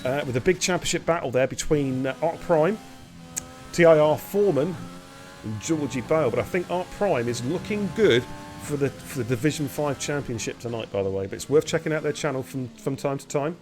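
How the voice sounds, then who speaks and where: A man's voice: on the high side, lively intonation, a little fast, darkish tone, soft background music. A man hosting and calling a live sim racing stream, chatty and teasing, greeting viewers by name. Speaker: lead commentator and host.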